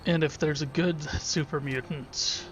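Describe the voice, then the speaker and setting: A man's voice: on the high side, fairly even intonation, measured pace, slight background noise. Joking let's play man. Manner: joking, irreverent, talks to himself. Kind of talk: casual gameplay commentary.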